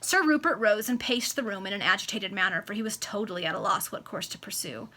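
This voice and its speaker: Bright-voiced woman reading a novel aloud. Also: mid-range voice, fast talker. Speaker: reader. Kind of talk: amateur read-aloud of a classic novel. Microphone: home webcam video call.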